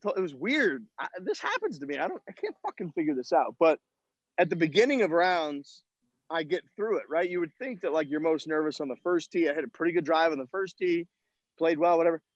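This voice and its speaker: A man with a slightly high voice tells self-deprecating golf stories, swearing freely in a casual, rambling way. He is calling in from outdoors at a golf event. The sound is dull and lo-fi, with little room echo. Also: animated, moderate pace. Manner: profane storytelling, self-mocking. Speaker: podcast co-host. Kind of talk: casual chat.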